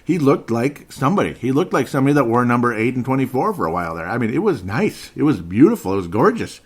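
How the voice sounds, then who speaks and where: A man's voice: mid-range voice, sing-song, fast, husky. Male solo podcast host, mid-range voice, frustrated sarcastic sports rant. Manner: exasperated ranting, sarcastic, laughs at himself.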